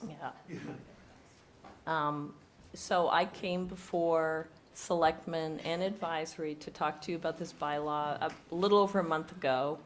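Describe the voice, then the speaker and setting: Woman, hoarse from a cold, lowish voice, methodical presenter, close microphone, town hearing. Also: steady tone, a little slow, slight background noise. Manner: methodical, explains step by step. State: hoarse from a cold, voice nearly gone. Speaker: resident presenting a proposed bylaw. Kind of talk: formal presentation at a public hearing. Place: town meeting room. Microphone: speaks close into a table microphone.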